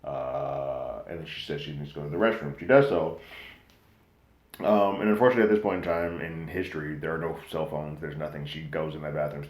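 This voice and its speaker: A man hosting a casual spoken TV review, talking conversationally with many fillers and lively quoted asides. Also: a bass voice, roomy sound. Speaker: podcast host reviewing a TV series.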